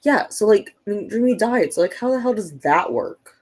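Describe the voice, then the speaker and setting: A woman's voice: medium pitch, expressive, normal speed. A woman hosting a casual livestream, chatting and reading viewer comments aloud, with lots of "like" and "um" fillers. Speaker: livestream host. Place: at home at her computer.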